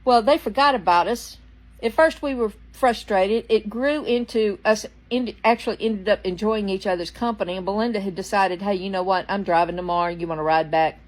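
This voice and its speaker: A woman's voice: medium pitch, fairly quick, poor audio. A woman casually telling a personal story, rambling with restarts and fillers and now and then coughing from a tickle in her throat. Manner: quotes people in changed voices, dropping to a hush for soft lines. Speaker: storyteller vlogger.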